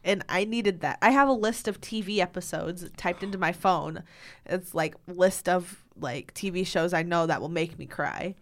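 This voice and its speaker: A woman's voice: fairly low pitch, normal speed. Giggly young woman co-hosting a podcast. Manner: chatty, giggly, rambling with fillers. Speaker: podcast co-host. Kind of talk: casual chat.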